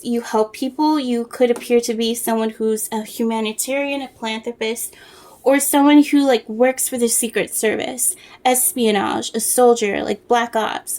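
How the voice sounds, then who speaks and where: Rambling soft-spoken tarot reader woman. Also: a little high. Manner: rambling, searching for words, many fillers and restarts. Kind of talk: casual tarot reading to camera.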